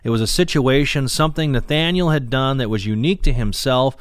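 A man teaching the Bible verse by verse, reading old-fashioned scripture aloud and explaining it with many pauses and fillers. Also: medium pitch, smooth, dry recording, studio quality. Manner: reads King James verses aloud, then explains them with frequent "uh" fillers.

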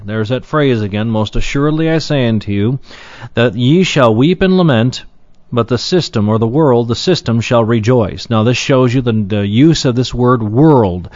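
A man's voice: mid-range voice, a little mellow, dry recording. A middle-aged man preaching through a Bible chapter, reading a verse and then unpacking it in everyday words, stopping often on "uh". The recording is dry and dull, with no room sound and a muffled top end. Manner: reads scripture aloud then explains it plainly, with frequent fillers.

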